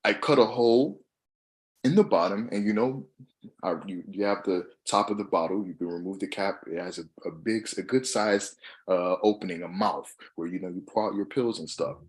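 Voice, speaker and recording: A young adult man giving a motivational monologue, passionate and swinging from shouts to soft asides. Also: sits low, moderate pace. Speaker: motivational speaker.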